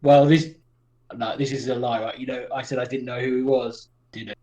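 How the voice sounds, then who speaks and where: A man playing a tabletop game, speaking excitedly in character and tripping over his words. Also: mid-range voice, fairly quick. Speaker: player. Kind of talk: in-character tabletop role-play.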